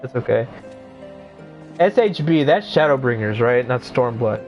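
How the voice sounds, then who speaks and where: A young man streaming a game, rambling through casual commentary with lots of swearing and excited outbursts. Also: medium pitch, unhurried, muffled recording, faint music behind.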